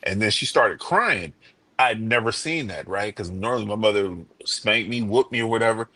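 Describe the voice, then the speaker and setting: A man's voice: lowish voice, expressive, moderate pace, pushed and bright, no room sound. A man on a live stream debate panel, telling a story from his youth and repeating phrases as he talks. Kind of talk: casual live debate talk. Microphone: remote stream mic.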